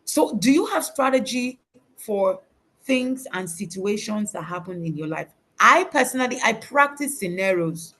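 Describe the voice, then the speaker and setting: A woman's voice: medium pitch, animated, measured pace, a bit bright. A woman giving a faith-based motivational talk over a video call, emphatic and preacherly, repeating her key words. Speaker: motivational speaker.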